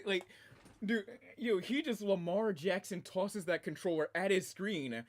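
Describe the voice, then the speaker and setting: A game streamer talks casually on his livestream from a room at home, rambling excitedly and frequently bursting into laughter. His voice is high-pitched and his pace measured.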